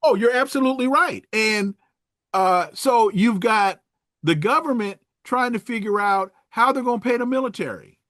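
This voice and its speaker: A man with a high, very lively voice, discussing politics in an animated and sardonic way. He stumbles and repeats words as he goes. The sound is dry and close. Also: normal speed, no echo. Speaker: political commentator guest. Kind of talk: casual political talk.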